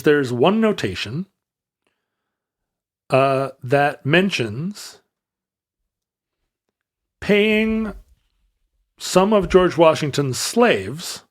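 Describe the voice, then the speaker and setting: A man hosting a casual podcast, telling a history story with rambling restarts and asides. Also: fairly high pitch.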